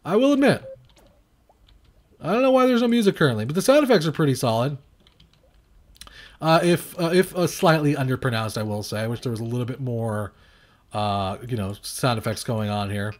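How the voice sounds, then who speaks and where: A young man giving rambling, self-mocking commentary while playing and reviewing a strategy game, now and then shouting at his units. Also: medium pitch. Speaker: gaming video reviewer. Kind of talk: casual gameplay commentary.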